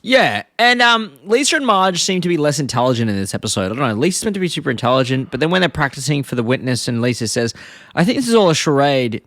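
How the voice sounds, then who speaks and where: A man's voice: mid-range voice, big pitch swings, fast talker, hardly any pauses, a bit bright, no echo. A man co-hosting a podcast, chatting casually and rambling as he retells scenes. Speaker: podcast co-host. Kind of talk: casual chat.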